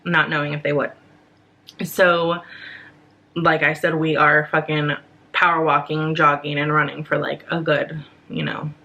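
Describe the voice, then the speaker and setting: Young woman, bright tone, lowish voice, casual storytime, animated, swears a lot. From United States. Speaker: vlogger.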